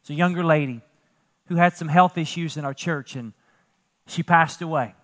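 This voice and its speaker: High-voiced male pastor preaching. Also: normal speed. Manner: storytelling, building to loud emphatic preaching. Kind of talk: sermon. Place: church sanctuary.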